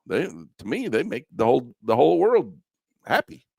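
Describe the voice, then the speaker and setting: A man with a gravelly voice teaches a live online trading class in a folksy, repetitive way, with frequent chuckles. His pitch swings up and down with emphasis. The sound is close and dry, with no room echo. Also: sing-song, moderate pace, a little mellow. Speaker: trading instructor.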